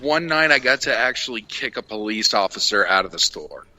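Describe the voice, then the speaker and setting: A man's voice: on the low side, sing-song, a little fast, pushed and bright, poor audio. A man telling a crude story in casual podcast chat, voicing both sides of the exchanges he describes. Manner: crude, laid-back storytelling with quoted exchanges.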